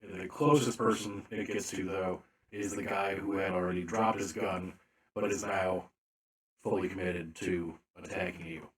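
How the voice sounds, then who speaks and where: A man narrating a tabletop game as game master, slow and deliberate with frequent fillers. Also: low voice, fairly even intonation, fairly bright tone, echoey room.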